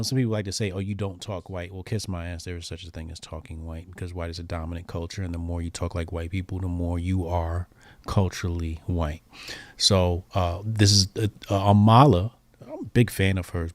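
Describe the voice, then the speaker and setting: A man's voice: low voice, darkish tone, dry recording. A man hosting a casual talk show, speaking in an emphatic, provocative, slangy way. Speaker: host. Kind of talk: casual commentary chat.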